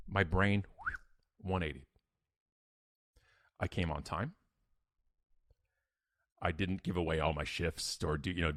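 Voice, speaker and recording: A middle-aged man sits as a podcast guest and spins a story from his own life. His voice sits low and sounds dry and close. He talks bluntly and with emphasis, repeats his punchlines, and pokes fun at himself. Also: fairly bright tone, no echo. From Canada. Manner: blunt, emphatic, self-mocking, repeats phrases. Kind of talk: animated personal storytelling.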